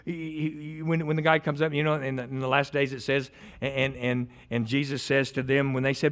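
A middle-aged man preaching a sermon as pastor, joking and animated, rambling with many restarts. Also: mid-range voice, fairly quick, hardly any pauses.

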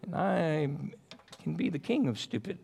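A man from Texas with a Texan accent preaching a sermon as pastor, swinging between loud fervent passages and quiet asides. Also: fairly high pitch, big pitch swings, unhurried, vocal fry, husky.

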